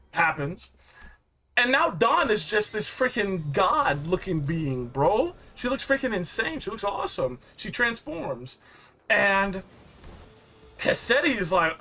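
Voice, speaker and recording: A man recapping a story game in a rambling, excitable, slangy way, full of fillers and asides. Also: sits high. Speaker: game reviewer.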